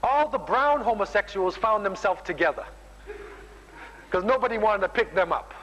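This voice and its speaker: Emphatic male preacher, bright forceful tone, reverberant hall. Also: high voice, expressive, moderate pace, dull audio. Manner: emphatic, keeps tagging sentences with "man". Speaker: Muslim preacher. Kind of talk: sermon.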